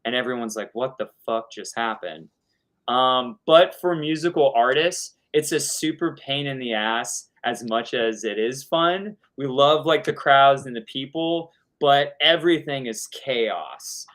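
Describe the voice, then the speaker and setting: A young adult man, a DJ guest on a video-call interview, telling a story in a casual, animated way with swearing and laughter. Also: mid-range voice, measured pace, hardly any pauses.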